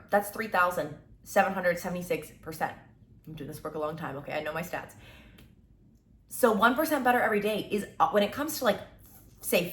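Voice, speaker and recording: A woman in her twenties giving an energetic, tough-love motivational talk as a content creator. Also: lowish voice, reverberant. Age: 20s.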